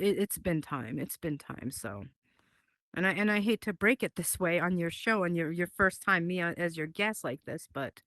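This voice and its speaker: A woman giving an emotional personal statement as a talk show guest, halting and earnest, often repeating her words. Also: lowish voice, fairly bright tone, dry recording.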